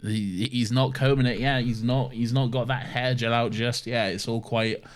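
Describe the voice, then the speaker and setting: A man's voice: medium pitch, steady tone, moderate pace. A man co-hosting a podcast in casual chat, teasing his co-host and laughing often.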